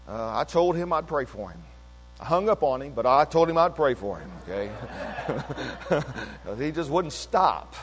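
An older man preaching with a lively, rising and falling delivery, his voice pitched a little high. He retells a story in a repetitive way, climbing to emphatic peaks and sinking to quiet asides. His words hang in the long reverb of a large hall. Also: normal speed. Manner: animated, swings between emphatic peaks and low asides. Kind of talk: sermon-style testimony.

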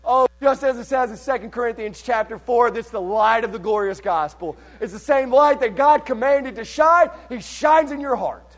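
A man preaching a fervent sermon, swinging between hushed and loud passages, and reading scripture aloud in old-fashioned wording. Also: very high voice, moderate pace, hardly any pauses. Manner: reads scripture in old King James wording.

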